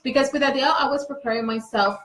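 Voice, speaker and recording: Bright-voiced woman in chatty talk. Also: high-pitched, quick pace. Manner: chatty, laughs easily, reacts with short replies. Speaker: co-host. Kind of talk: casual storytelling chat. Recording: echoey room with faint noise.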